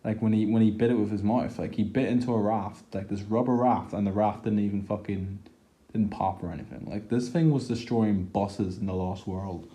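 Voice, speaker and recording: A man's voice: lowish voice, steady tone, moderate pace, mellow. A young man giving an exasperated, profane film review rant, full of filler words and groans of disgust. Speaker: movie reviewer.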